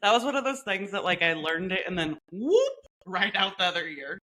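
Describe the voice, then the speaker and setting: A woman's voice: medium pitch, big pitch swings, fairly quick, noisy background. A woman co-hosting a podcast in casual chat, playful and chatty, laughing often and leaning on "like". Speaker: podcast co-host.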